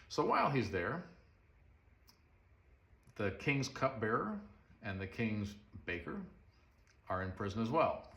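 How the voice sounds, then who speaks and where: Low-voiced, animated male preacher. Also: vocal fry. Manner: animated, conversational, rhetorical questions. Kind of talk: sermon storytelling. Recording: roomy echo.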